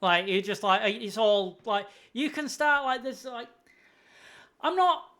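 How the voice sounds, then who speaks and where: A man's voice: very high-pitched, expressive, measured pace, bright, forceful tone, clean tone. A man, co-hosting a podcast in crude, joking casual chat. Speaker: podcast co-host.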